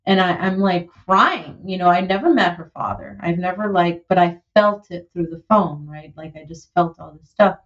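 A woman in her thirties, a musician being interviewed, talking in an animated, heartfelt way with lots of "like" and "you know". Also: lowish voice, moderate pace, few pauses, highs cut off. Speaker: musician and producer, guest. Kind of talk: conversational interview.

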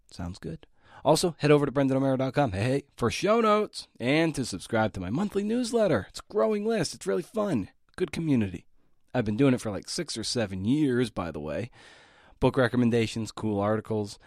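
A man's voice: mid-range voice, darkish tone, no echo, studio quality. A man hosting his own podcast, talking in a loose, chatty way with slang and self-deprecating asides, now and then stumbling over his words. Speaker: podcast host. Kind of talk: casual podcast monologue.

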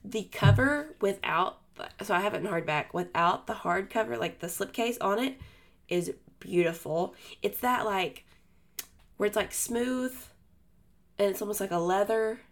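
A woman's voice: mid-range voice, measured pace. A woman co-hosting a book podcast, talking in a casual, chatty way full of fillers and restarts.

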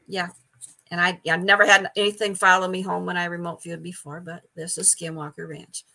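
Bright-voiced chatty older woman. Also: fairly low pitch, flat delivery, fairly quick, creaky. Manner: chatty, repeats words, laughs often. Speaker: psychic medium guest. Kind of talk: casual storytelling interview.

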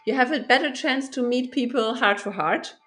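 A woman's voice: a little high, moderate pace, a bit bright, soft background music. A woman in casual conversation who hesitates, searches for her words and laughs often. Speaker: discussion participant.

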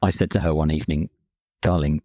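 A man, a songwriter in a band, talking in a halting, emotional way, often repeating words. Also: a bass voice, fairly even intonation, mellow, no room sound. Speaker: lyricist and singer in a band. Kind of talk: reflective podcast chat.

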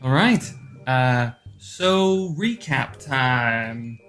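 A man running a tabletop game as game master, talking with many pauses and restarts. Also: mid-range voice, expressive, a bit bright, soft background music. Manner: halting, lots of fillers and restarts.

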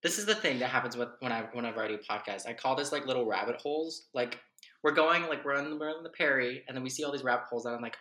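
A man's voice: medium pitch, very fast, pushed and bright. A man hosting a podcast, chatting casually in a rambling way and laughing easily. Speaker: podcast host. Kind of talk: casual chat. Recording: echoey room.

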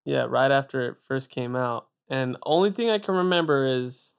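Laid-back young man, smooth voice. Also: medium pitch, expressive, normal speed. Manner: laid-back, rambling, many fillers and swears. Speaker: podcast host. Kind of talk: casual chat.

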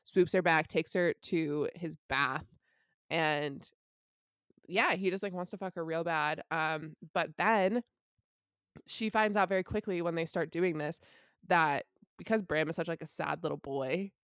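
Young woman, low voice, casual podcast chatter, lots of "like", dry close sound. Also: unhurried, a bit bright, no room sound. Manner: chatty, peppered with "like" and casual swearing. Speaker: podcast co-host. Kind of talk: casual book recap chat.

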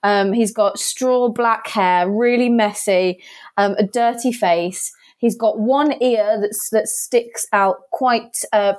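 A woman's voice: on the high side, slow pace. A woman player describing her character in detail, with frequent ums.

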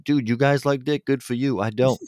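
A man's voice: mid-range voice, fairly even intonation, brisk, a little mellow, no room sound, clean studio sound. A man hosting a casual podcast, talking bluntly with lots of swearing and laughter. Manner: blunt, profane, laughs often.

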